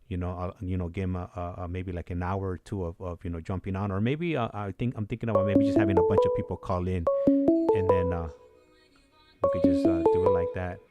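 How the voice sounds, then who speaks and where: A man's voice: sits low, warm tone, no room sound. A man hosting a livestream who chats in a laid-back way while waiting for a call. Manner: laid-back, many fillers and restarts. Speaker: channel host. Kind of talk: casual livestream chat.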